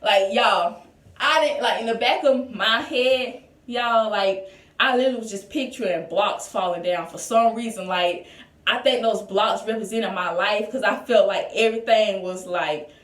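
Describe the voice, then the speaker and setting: A young woman chats through a personal story for her vlog, loose and conversational, peppering it with "like" and "y'all". Her mid-pitched voice sits a little away from the mic, and the room around her echoes. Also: normal speed, fairly bright tone, far from the mic. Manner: chatty, lots of "like" and "y'all". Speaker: vlogger. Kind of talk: casual storytime.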